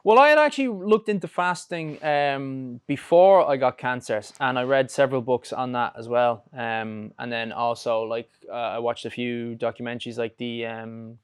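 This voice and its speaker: A man's voice: medium pitch, moderate pace, few pauses, smooth. A man, chatting casually as a podcast guest, rambling with fillers and swearing freely. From Ireland. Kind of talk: casual chat.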